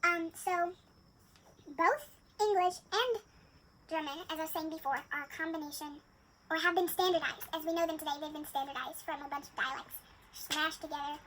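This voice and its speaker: Very high, bright young woman presenting. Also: flat delivery, fast talker, slight background noise, rough recording. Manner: chatty, with many ums and giggly asides. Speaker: student presenter. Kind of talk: casual history presentation.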